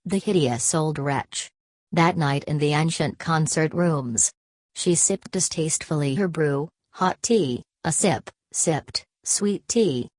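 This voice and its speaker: A woman reading a literary audiobook in a measured, unhurried way. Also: deep voice, dry recording. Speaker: audiobook narrator.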